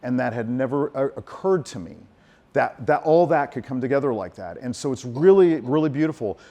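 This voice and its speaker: A middle-aged man lecturing to an audience, his voice at an ordinary pitch. He tells stories with animated energy and acts out the voices of the people he quotes. He breaks off and restarts often as his thoughts run ahead. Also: brisk. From United States. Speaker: composer and lecturer.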